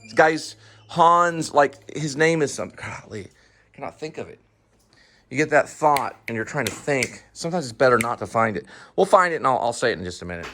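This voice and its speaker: A man's voice: mid-range voice, animated, normal speed, noisy background. A middle-aged man, co-host of a home vlog, chatting casually over a meal and often losing his train of thought.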